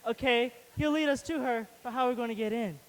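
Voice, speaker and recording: A man's voice: extremely high pitch, fast talker, slight background noise, low-quality recording. A teenage boy playing a timid, cowardly lion in a school stage play, blustering and hesitant. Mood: nervous. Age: teens. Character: timid cowardly male lion, boastful then scared. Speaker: student actor.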